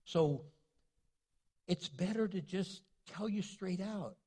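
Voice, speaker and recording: Older male preacher, high voice, playful storyteller, laughs at his own jokes. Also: animated, takes it slowly, warm tone, husky. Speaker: pastor. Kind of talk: sermon.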